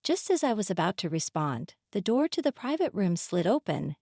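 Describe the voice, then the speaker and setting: A woman narrating a scripted first-person story in a calm, steady way. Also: medium pitch, normal speed, gravelly, no echo, studio quality.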